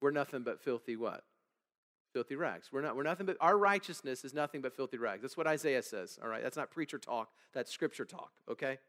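A man's voice: mid-range voice, animated, a little fast, a bit bright. A male pastor preaching a conversational sermon, reading scripture and checking in with the congregation with "okay?" and "all right?". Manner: reads scripture aloud and asks the congregation to fill in words. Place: church sanctuary. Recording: long hall reverb.

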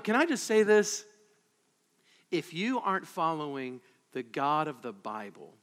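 Male pastor, high bright voice, dynamic sermon delivery, quiet asides, rhetorical questions, big church reverb. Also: lively intonation, measured pace. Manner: dynamic preaching, swinging between loud emphasis and hushed asides.

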